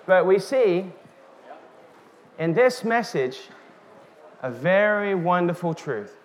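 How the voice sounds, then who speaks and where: Animated high-voiced male preacher. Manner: animated, slow and emphatic, talks with the congregation. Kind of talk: sermon. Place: church hall. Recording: reverberant hall with faint noise.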